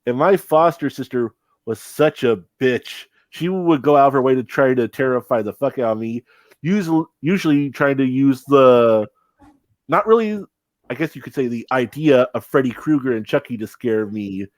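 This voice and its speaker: A man's voice: mid-range voice, expressive, moderate pace, darkish tone, no room sound. A young man co-hosting a casual chat, rambling with many fillers and restarts. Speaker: podcast co-host.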